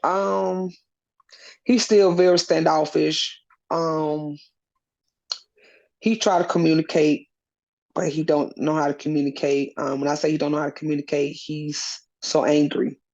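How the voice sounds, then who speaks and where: A woman's voice: deep voice, little pitch movement, unhurried, long pauses, darkish tone. A woman being interviewed as a custodial parent, speaking earnestly in a rambling way with many fillers. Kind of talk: personal interview. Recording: dull lo-fi recording.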